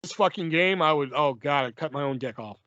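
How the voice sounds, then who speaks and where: A man's voice: fairly high pitch, brisk, bright, forceful tone, no echo, dull audio. A man hosting a casual podcast, chatting loosely and swearing freely as he reads listener questions. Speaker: podcast host.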